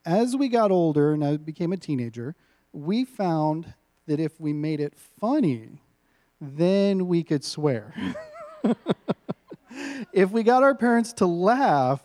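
A man's voice: fairly high pitch, expressive, takes it slowly, pauses often, dark tone. A man in his thirties preaching as a guest speaker, informal and self-mocking, with frequent laughs between lines. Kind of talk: sermon.

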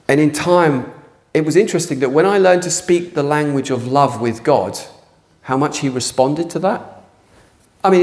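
A man preaching a sermon to a church congregation, passionate and earnest, sometimes rising to near shouting. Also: on the high side. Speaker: pastor. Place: church hall.

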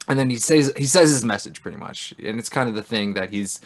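Man, podcast co-host, relaxed and profane plot recap. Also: medium pitch, fast. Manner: loose and profane, acts out characters' lines. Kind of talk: casual film recap chat.

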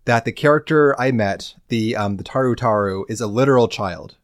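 Man, podcast co-host, wry storyteller with deadpan punchlines, dry close mic. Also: medium pitch, moderate pace, no room sound. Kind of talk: casual chat recapping a game.

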